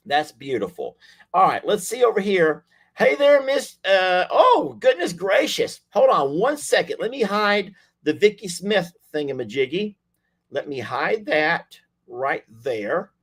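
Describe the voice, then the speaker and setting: A man hosting a livestream, chatting warmly with callers in a folksy, effusive way. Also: high voice, very animated, measured pace. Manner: folksy, effusive, lots of y'all and sweetie. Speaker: livestream host. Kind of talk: casual chat with callers.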